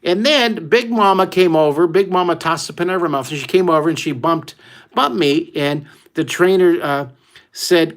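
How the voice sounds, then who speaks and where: A middle-aged American man leading a live online drawing lesson for kids, telling stories with excited whoops. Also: a little high, fairly quick. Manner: exuberant, exclamatory storyteller who whoops often. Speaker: art teacher hosting a live drawing class.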